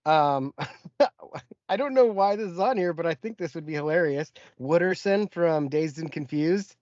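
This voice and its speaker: A man with a slightly high voice rambling through a list in a casual podcast, filling gaps with ums and small laughs. The sound is very dry and close, yet dull and lo-fi. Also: lively intonation, measured pace, darkish tone, no echo. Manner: rambling, lists things with many ums, chuckles. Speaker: podcast co-host. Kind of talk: casual chat. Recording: dry, muffled lo-fi podcast audio.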